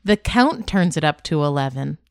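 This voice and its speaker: A woman's voice: low voice, animated, moderate pace, a little mellow, dry recording, clean studio sound. A woman co-hosting a casual chat, teasing and sarcastic-sounding. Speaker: podcast co-host.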